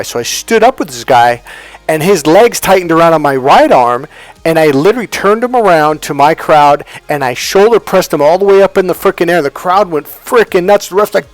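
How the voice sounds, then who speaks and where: A middle-aged man telling personal stories as a motivational speaker, swinging from fired-up to low and hushed and swearing freely. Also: animated, brisk, no room sound. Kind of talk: storytelling monologue.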